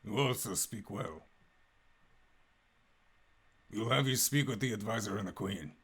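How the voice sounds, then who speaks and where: A man growling as a gravelly lizardfolk guard. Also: fairly low pitch, fairly bright tone, heavily acted. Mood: suspicious. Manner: halting, clipped broken phrasing. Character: gruff male lizardfolk guard, broken speech. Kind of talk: game master voicing a character.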